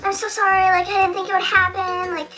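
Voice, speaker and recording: A woman voicing a meek young woman who apologizes in a high, mocking whine. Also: flat delivery, brisk, music in the background. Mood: whiny apologetic.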